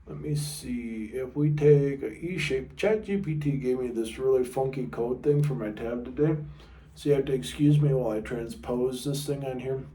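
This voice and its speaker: A man giving a relaxed guitar lesson, thinking aloud and stopping to check his notes. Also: medium pitch, normal speed, echoey room, recorded from a distance. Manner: talks with a pick in his mouth at times. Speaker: guitar teacher. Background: guitar playing.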